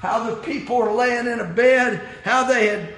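A man preaching a sermon, telling a folksy story with repeated phrases and building to impassioned shouted climaxes. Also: extremely high pitch, moderate pace. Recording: very echoey room with faint noise.

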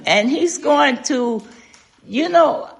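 A woman's voice: high voice, animated, takes it slowly, creaky. An older woman leading an informal Bible study, talking in a folksy, conversational way and asking the group questions.

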